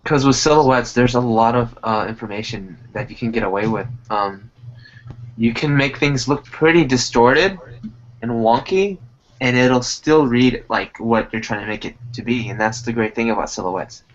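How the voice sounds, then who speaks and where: A man's voice: mid-range voice, moderate pace. A man joining a casual stream as a guest and giving chatty, rambling drawing advice. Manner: chatty, explains with rambling analogies. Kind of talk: casual live-stream chat about drawing. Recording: lo-fi voice-chat audio.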